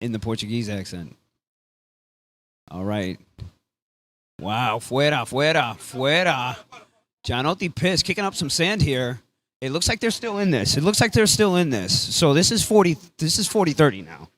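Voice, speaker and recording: A man calling a beach tennis match live, casual and excitable, dropping Spanish phrases into his play-by-play. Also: mid-range voice, moderate pace, pauses often. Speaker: sports commentator.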